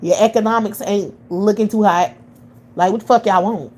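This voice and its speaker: A woman's voice: mid-range voice, steady tone, moderate pace, darkish tone. Blunt, profane woman ranting. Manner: blunt, heated, profane and repetitive. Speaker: livestream commentator. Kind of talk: profane monologue rant.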